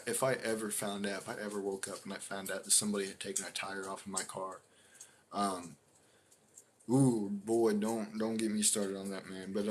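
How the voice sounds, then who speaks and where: A man's voice: lowish voice, a little hiss or hum. A man casually telling a story to his live stream audience, rambling with lots of fillers and acting out other people's reactions.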